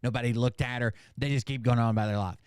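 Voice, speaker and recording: A man casually recapping a movie in a profane, animated rant, acting out the characters with sudden shouts. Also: medium pitch, quick pace, clean tone, no room sound, clean studio sound. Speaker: channel host.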